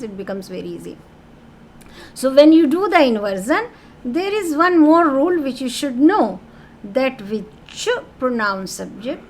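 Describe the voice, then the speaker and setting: A high-pitched woman, teaching French grammar in a patient classroom style. She reads each French question, gives its meaning, and keeps checking in with her students. Faint room noise sits behind her voice. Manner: explains patiently, asks "okay?" often; reads French phrases then translates them to English.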